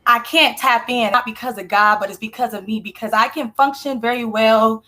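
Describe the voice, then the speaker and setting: A woman's voice: a little high, steady tone, normal speed, pushed and bright. Earnest young woman sharing faith. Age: young adult. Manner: earnest, heartfelt, conversational. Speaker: team member sharing testimony. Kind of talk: personal faith testimony.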